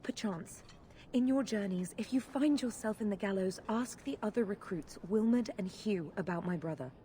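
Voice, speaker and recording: A woman voicing an anxious, devout game character pleading for help. She speaks in a formal, earnest way at a middling pitch, her words pressing and worried. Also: moderate pace, mellow, a little hiss or hum, natural voice.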